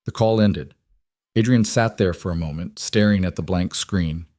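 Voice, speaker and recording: A man reading a scripted story in a steady, even narration. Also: low-pitched, normal speed, no room sound, clean studio sound.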